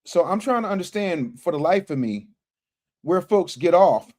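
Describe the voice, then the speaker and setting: A man's voice: sits high, animated, normal speed, darkish tone. Slangy man hosting a livestream. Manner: talks straight to chat, reads out super chats, slangy. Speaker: livestream host. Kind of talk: casual livestream commentary. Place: his office.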